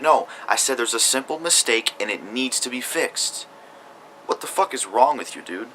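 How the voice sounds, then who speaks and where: A man's voice: mid-range voice, expressive, normal speed, sharp tone, slight background noise, low-quality recording. A young man ranting angrily to camera in a profane vlog, reading out comments and arguing back. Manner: reads comments aloud. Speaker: YouTuber. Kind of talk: angry vlog rant.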